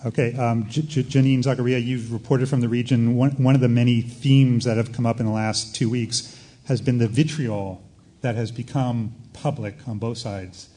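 Man, moderator, mellow, halting, restarts. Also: mid-range voice, steady tone. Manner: halting, many fillers and restarts. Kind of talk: panel discussion.

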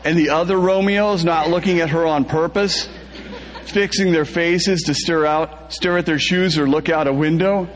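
A man's voice: a little high, steady tone, moderate pace, long reverb tail, a little hiss or hum. A man reading a first-person story aloud, laughing through the telling.

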